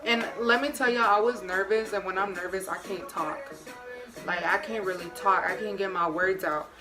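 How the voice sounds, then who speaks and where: A young woman telling a storytime vlog in a chatty, slangy way, talking right to her viewers. Her voice sits at an ordinary middle pitch. Music plays clearly behind her. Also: fairly even intonation, moderate pace. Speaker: vlogger.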